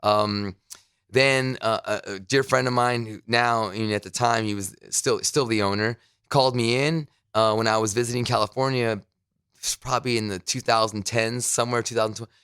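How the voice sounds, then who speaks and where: A man's voice: medium pitch, fairly even intonation, normal speed, fairly bright tone, clear, resonant tone, no echo, clean studio sound. A man guest on a podcast, telling loose stories from his career in a casual chat, swearing freely and quoting people he met. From New Jersey. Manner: loose storytelling with swearing and quoted asides. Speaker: podcast guest, radio host. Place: his broadcast studio.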